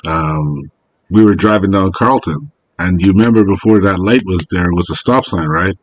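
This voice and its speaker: A man's voice: sits low, normal speed, slight background noise. A man on a live panel show, teasing another panelist and jumping in with jokes. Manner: teasing, joking. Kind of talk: casual live panel chat.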